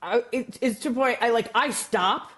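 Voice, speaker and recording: A woman's voice: on the high side, normal speed, a bit bright. A woman math teacher as an interview guest, chatting casually and animatedly with many fillers and restarts.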